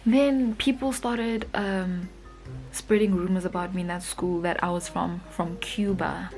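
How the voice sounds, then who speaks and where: A young woman with a South African accent telling a storytime vlog in slangy, animated chat, acting out the other people's lines. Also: lowish voice, unhurried, faint music behind, poor audio. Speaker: vlogger.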